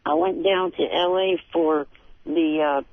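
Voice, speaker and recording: A man's voice: a little high, fairly even intonation, measured pace, dry recording. A man calling in to a radio show, cranky and combative. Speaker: caller. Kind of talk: phone call to a radio show. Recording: tinny phone line on air.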